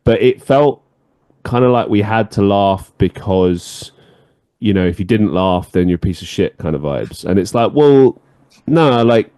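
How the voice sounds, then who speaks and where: Lively, swearing man telling stories. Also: lowish voice, measured pace, no echo, studio quality. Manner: animated storyteller, swears freely, laughs often. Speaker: podcast host. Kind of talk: casual chat.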